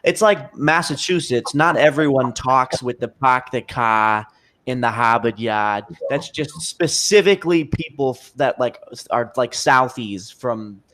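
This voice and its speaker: A man's voice: mid-range voice, animated, a little slow, few pauses, fairly bright tone. A man co-hosting a talk show, speaking casually and filling his talk with "like". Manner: casual, talkative with many "like"s.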